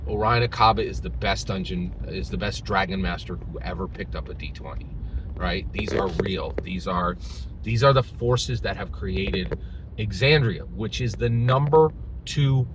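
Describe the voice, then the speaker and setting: A man's voice: sits low, normal speed, noisy background. A man reviewing games in an opinionated video rant, emphatic and repetitive, often tagging "right?" onto his points. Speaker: game reviewer.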